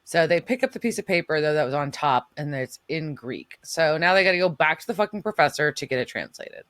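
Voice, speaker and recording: A woman's voice: low-pitched, lively intonation, a little fast, fairly bright tone, no room sound, studio quality. A woman co-hosting a podcast, recapping an episode in casual chat, swearing and acting out the characters' lines. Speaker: podcast co-host. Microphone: remote recording setup.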